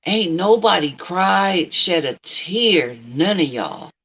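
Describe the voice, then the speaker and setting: A woman's voice: on the low side, expressive, slow, fairly bright tone, breathy edge, dull audio. Blunt, outspoken woman on a livestream. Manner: blunt, talks straight at an absent person, answers chat. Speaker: livestream host. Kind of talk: casual livestream commentary.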